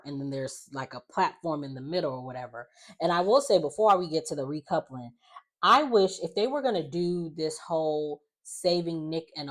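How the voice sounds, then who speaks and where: A young woman recapping a reality show in a casual, rambling way, full of fillers and quoted asides. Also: low voice.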